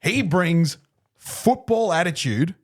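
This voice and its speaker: Lively blunt man, higher voice. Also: slow. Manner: blunt, sympathetic, swears. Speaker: podcast co-host. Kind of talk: casual chat.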